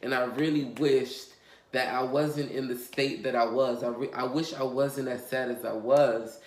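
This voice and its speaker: Guy telling his storytime vlog, all over the place and cussing, mid pitch, kinda echoey room. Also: steady tone, a little slow, a little mellow. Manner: rambling and emotional, heavy on fillers and swearing. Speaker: vlogger. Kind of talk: confessional storytime. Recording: roomy echo.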